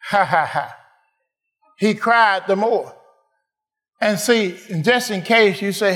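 A man preaching a call-and-response sermon, asking the congregation questions and rising to shouted answers. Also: high-pitched, slow pace, pauses often.

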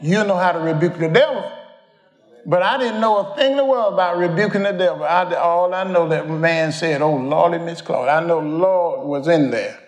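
A man's voice: high-pitched, moderate pace, reverberant. An older man, preaching a folksy storytelling sermon, rambling and homespun as he addresses the congregation.

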